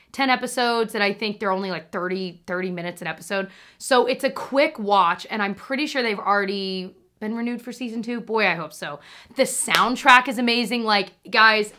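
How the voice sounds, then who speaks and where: A woman in her thirties talks straight to camera about things she loves, in a loose, rambling way full of asides. Her voice is bright and ringing, and her delivery bubbly. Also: medium pitch. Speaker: vlogger. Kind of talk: casual monthly favorites chat.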